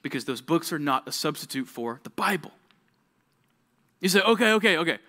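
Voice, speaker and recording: A man's voice: on the high side, animated, normal speed, bright, forceful tone. A young man, a youth pastor, giving a casual, conversational sermon to teenagers, full of rhetorical questions.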